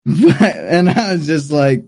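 A man's voice: fairly high pitch, sing-song, slow pace, creaky, a little mellow. A man with a wife and kids, co-hosting a podcast in casual, joking chat and swearing casually. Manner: laid-back, jokey, swears casually.

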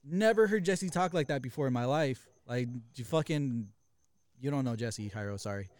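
Brief: young male podcast co-host, clear close-miked dry voice, slightly high, swears a lot while storytelling. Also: animated, darkish tone, no room sound. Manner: fast, profane, retells with quoted voices. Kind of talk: casual storytelling chat.

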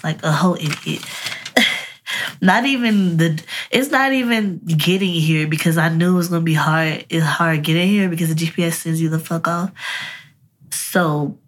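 Animated young woman telling a story. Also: low voice, slight background noise. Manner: animated, profane, rambling storytelling. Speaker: vlogger. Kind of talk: casual storytime vlog.

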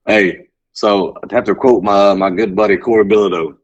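This is a man, chatting casually as a sports show co-host. His voice sits on the lower side, and he tells stories in an animated way, acting out the quotes. He laughs easily as he talks. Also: normal speed, highs cut off. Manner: animated storyteller, acts out quotes, laughs often. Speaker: podcast co-host.

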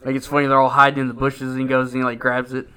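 Man, podcast co-host, casual storytelling, rambling, foul-mouthed, filler words, mid pitch. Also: completely flat delivery, racing, pushed and bright, clean tone.

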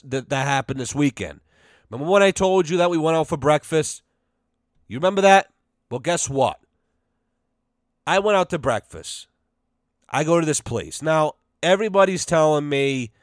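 A man in a casual podcast rant, cursing freely and rambling through animated stories. His voice sits at an ordinary pitch. The sound is dry and close, with no room around it. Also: clear, resonant tone, no room sound. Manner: profane, rambling, with many fillers; animated storytelling. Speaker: podcast host.

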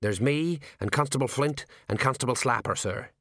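A man's voice: medium pitch, moderate pace, a bit bright, no room sound, clean studio sound, natural voice. A man reading an audiobook voices a plain-spoken middle-aged male watch sergeant who talks colloquially and is easily alarmed.

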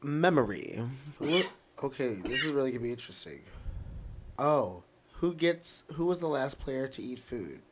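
A man's voice: medium pitch, sing-song, normal speed, a little hiss or hum. A man with an ordinary mid-range voice trades jokes on a casual podcast. He is blunt and salty, with dry, cutting humor. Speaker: podcast co-host. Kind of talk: casual chat.

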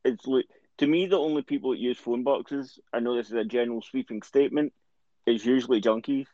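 A man with a Dundee Scottish accent chats in an easygoing, jokey way on a podcast, swearing now and then. His voice sits in a middle pitch. The recording is dry and dull, with a lo-fi sound. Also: fairly quick, dark tone, no echo. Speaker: podcast co-host. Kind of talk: casual chat.

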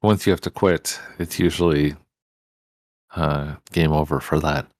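A laid-back man chats at the game table in a very deep, unhurried voice. The sound is close and dry. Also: steady tone, a little mellow, no room sound. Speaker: player. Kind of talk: casual chat at a tabletop game.

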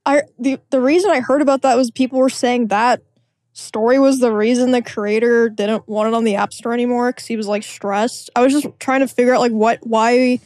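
A woman's voice: a little high, steady tone, brisk, a little mellow, no room sound. A woman in her twenties co-hosting a podcast, chatting loosely and casually. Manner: loose, chatty, with restarts and fillers. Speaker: podcast co-host. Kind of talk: casual chat.

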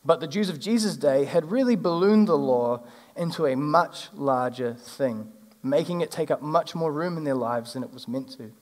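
A male pastor, preaching a sermon in a church and retelling the story in a lively, casual way. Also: fairly high pitch, normal speed. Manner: animated, acts out the characters in a casual retelling. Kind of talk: sermon with scripture reading. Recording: long hall reverb.

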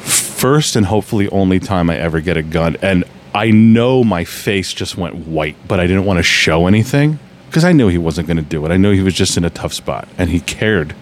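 Deep-voiced man telling rambling stories. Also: animated, brisk, slight background noise. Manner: rambling, story-driven, restarts often. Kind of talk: casual storytelling chat.

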